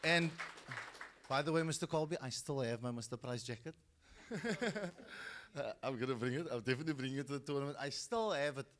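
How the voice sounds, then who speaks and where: A man's voice: medium pitch, animated, a little fast, long pauses, fairly bright tone, a little hiss or hum. A middle-aged man with a South African accent, giving a storytelling speech at a school football launch and acting out the people he quotes.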